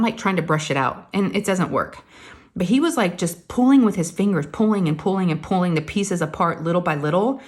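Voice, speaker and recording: A woman, chatting casually to viewers as a craft vlogger and acting out family members as she tells a story. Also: on the low side.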